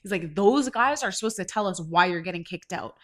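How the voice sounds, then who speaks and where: A congested woman in her forties, a podcast host telling a story casually, swearing and rising to loud outrage. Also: on the low side, lively intonation, fairly quick. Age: 40s.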